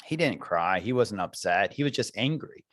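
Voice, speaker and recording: A man's voice: fairly low pitch, lively intonation, moderate pace, fairly bright tone, no echo. A man who coaches parents, talking earnestly and reflectively in a podcast conversation, with many fillers.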